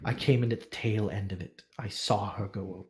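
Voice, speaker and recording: A man's voice: fairly low pitch, fairly even intonation, normal speed, background noise, voice pushed down, close to an everyday voice. A man playing a weary old maester. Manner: quiet and tired. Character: weary, devoted older male maester.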